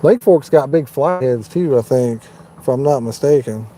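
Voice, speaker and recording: Folksy man with a very dark voice. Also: medium pitch, lively intonation, normal speed, a little hiss or hum. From Indiana, United States. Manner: folksy, easygoing, talks to viewers by name. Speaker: fishing live-stream host. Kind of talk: casual live-stream chat reading viewer comments. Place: inside a parked truck at night.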